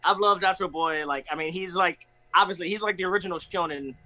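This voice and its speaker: A man's voice: sits high, quick pace, sharp tone, rough recording. A man in his thirties on a convention panel, chatting casually and rambling with lots of fillers and easy laughs over a video call.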